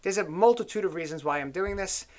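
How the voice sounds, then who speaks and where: A man's voice: sits high, fast talker. Rambling, profane man. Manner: rambling, profane, animated storytelling. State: tipsy on whiskey. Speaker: show host. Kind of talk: casual political chat.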